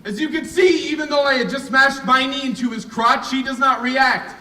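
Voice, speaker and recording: A man playing an excitable young doctor in a school stage musical, lecturing and breaking into song. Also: very high voice, normal speed, recorded from a distance, soft background music, exaggerated voice. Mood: showy lecture. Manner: theatrical, showy, bursts into song. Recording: echoey hall from afar with band.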